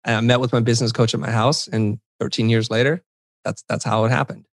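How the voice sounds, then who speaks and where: A middle-aged man, a guest on an interview podcast, telling lively, self-deprecating stories and acting out what people said. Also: mid-range voice, quick pace, gravelly, no echo. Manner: animated, self-deprecating anecdotes with quoted dialogue. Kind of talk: conversational storytelling.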